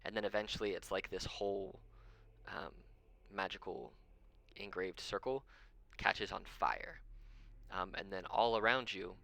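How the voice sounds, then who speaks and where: A man running a tabletop game as game master, narrating in a loose, rambling way full of ums. His voice sits low in pitch yet has a bright, forward edge. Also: steady tone, unhurried, vocal fry. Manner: rambling, lots of ums, chuckles often.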